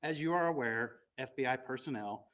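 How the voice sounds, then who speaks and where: A man speaking as a law enforcement spokesman, giving a measured, formal statement from prepared remarks at a press conference. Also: mid-range voice, a bit bright, rough recording.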